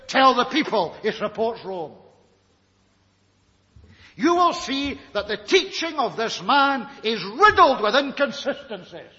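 A man's voice: high voice, very animated, a little slow, bright, forceful tone. A man preaching a sermon, telling the story dramatically and firing rhetorical questions at his listeners. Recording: echoey hall, dull lo-fi recording.

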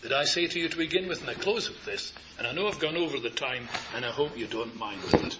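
An older man preaching a sermon, tender and earnest, repeating his phrases and moving between soft words and raised ones. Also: mid-range voice, expressive, fast talker. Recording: muffled lo-fi sermon recording with faint hiss.

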